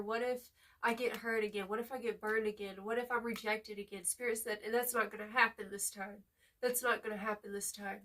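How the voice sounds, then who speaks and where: Woman tarot reader, casual and emotional, swears freely, slightly high voice, mic a bit far off. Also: fairly bright tone, a little hiss or hum. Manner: casual, swears freely, calls listener boo-boo; emotional, near tears at times. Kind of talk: tarot reading to viewers.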